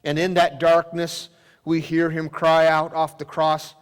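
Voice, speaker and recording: A man's voice: on the high side, completely flat delivery, unhurried, clear, resonant tone. Man preaching in a reverberant church. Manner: dramatic swings from loud exclamations to hushed near-whispers. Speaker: pastor. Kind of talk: sermon. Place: church sanctuary. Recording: long church hall reverb.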